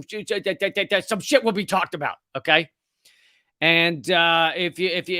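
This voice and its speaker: A man hosts a comedy livestream in a high, lively voice that often jumps to a shout. He talks fast and sarcastically. The sound is dry and close to the mic. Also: smooth, no room sound. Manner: loud, shouting and animated, swings into sarcasm. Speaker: host. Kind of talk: political comedy livestream monologue.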